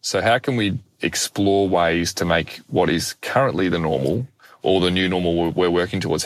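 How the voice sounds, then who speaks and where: Deep-voiced man telling a story. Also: no room sound. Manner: animated, self-deprecating storyteller. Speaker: guest speaker. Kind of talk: personal storytelling in conversation.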